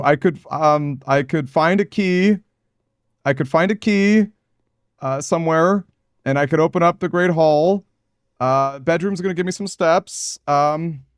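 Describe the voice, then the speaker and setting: A man's voice: medium pitch, no echo, clean studio sound. A man playing a video game and thinking aloud, anxious and muttering to himself as he plans his moves. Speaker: gaming streamer. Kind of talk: let's play commentary.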